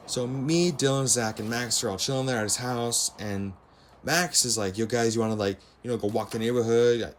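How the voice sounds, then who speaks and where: A teenage boy recounts a school story in a loose, rambling way, leaning on fillers and slipping into quoted lines from friends and teachers. His voice sits at an ordinary middle pitch for a young man, with a faint hum of noise behind it. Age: teens. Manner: rambling, filler-heavy retelling with quoted dialogue. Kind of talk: casual storytime narration over gameplay.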